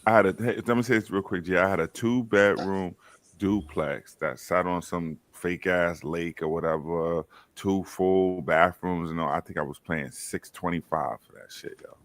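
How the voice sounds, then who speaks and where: A man from Brooklyn with a New York accent, telling animated stories and swearing freely in a casual podcast chat. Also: low-pitched, normal speed, dry recording.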